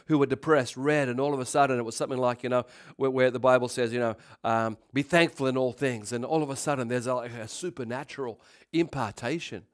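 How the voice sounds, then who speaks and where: A middle-aged male pastor giving a sermon in an animated preaching manner, acting out voices and calling out loud. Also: medium pitch.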